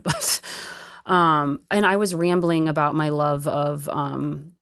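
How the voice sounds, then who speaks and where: A woman guest telling a personal story in casual chat, rambling and animated, laughing often and filling with "like.". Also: low voice, unhurried, no room sound, studio quality.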